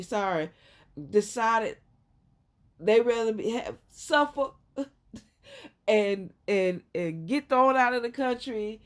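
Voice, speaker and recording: A woman with a Southern US accent giving a casual tarot reading, talking in an emphatic, rambling way that jumps up high and loud when she makes a point. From Southern United States. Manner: emphatic, rambling, frequent sudden jumps up in pitch and loudness. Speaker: tarot reader.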